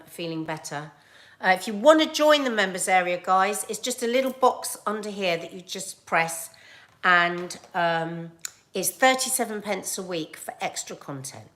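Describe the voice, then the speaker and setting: Woman, vlogger, casual rambling chat with fillers, mid pitch. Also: fairly bright tone. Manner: chatty and rambling, with frequent fillers and laughs.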